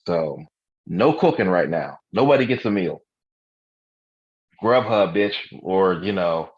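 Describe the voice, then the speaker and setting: A man's voice: deep voice, expressive, takes it slowly, breathy edge, highs cut off. A man co-hosting a podcast in casual chat, a laid-back, profane storyteller. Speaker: podcast co-host.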